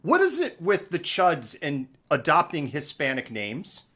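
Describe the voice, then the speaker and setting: A man's voice: a little high, wildly swooping pitch, a little slow, sharp tone. A man hosting a live news commentary show, chatting in a sarcastic, mocking way. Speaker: host.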